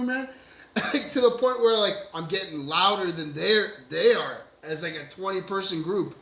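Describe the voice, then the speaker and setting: A man with a high, bright voice tells a wild story to a friend, acting out every quoted line loudly and cursing freely. His laughter breaks through his words, and the room around him sounds noticeably echoey. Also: normal speed, vocal fry. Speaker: podcast co-host. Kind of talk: animated storytelling among friends. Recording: roomy echo.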